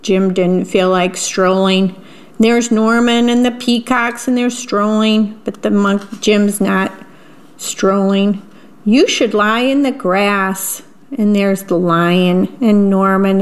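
A woman reading a picture book aloud to children, gently describing each picture as she goes. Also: medium pitch, little pitch movement, takes it slowly.

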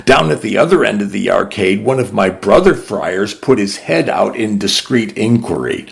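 A man's voice: fairly low pitch, sing-song, normal speed, creaky, few pauses. A man narrating a novel in the first person with a dry, wry storytelling manner. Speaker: audiobook narrator.

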